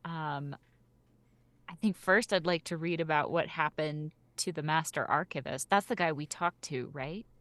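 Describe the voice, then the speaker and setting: A woman playing a tabletop game, talking things through in an unhurried, thoughtful way. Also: deep voice, fairly bright tone, no room sound. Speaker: player.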